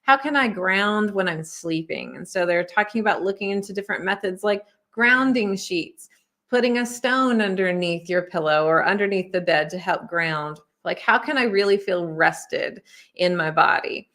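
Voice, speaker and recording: A woman talking viewers through an oracle card reading in a relaxed, conversational way. Her delivery is friendly and reassuring, loose and chatty, with plenty of "you know" and "like." She sounds like a spiritual teacher speaking straight to her audience. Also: fairly low pitch, normal speed.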